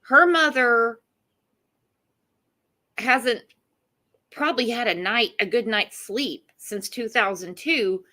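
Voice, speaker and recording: Woman streamer, casual chat, blunt and profane, bright, slightly high voice. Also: expressive, slow, pauses often. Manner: blunt, profane, greets chat viewers by name. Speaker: true crime livestream host.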